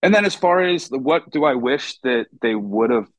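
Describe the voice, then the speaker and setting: A man's voice: mid-range voice, expressive, moderate pace, dry recording. A young adult man, a chef from the United States, telling stories casually in an interview, full of fillers and acting out quoted voices. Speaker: chef, podcast guest.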